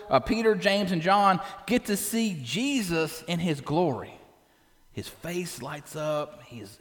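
Animated preacher man in a reverberant hall. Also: a little high. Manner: animated, asks the congregation questions. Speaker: pastor. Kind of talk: sermon.

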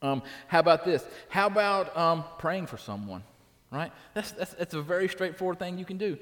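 A man's voice: sits high, expressive, normal speed, a bit bright, long reverb tail. A man preaching a sermon in a church, talking conversationally and often checking in with "right?". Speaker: pastor. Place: church sanctuary.

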